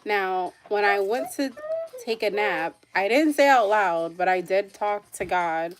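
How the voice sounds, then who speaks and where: A woman's voice: medium pitch, expressive, unhurried. A young adult woman chatting on a livestream, telling a long story in a rambling, emotional way with lots of "like" and asides to viewers. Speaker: livestream host. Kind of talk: casual livestream chat.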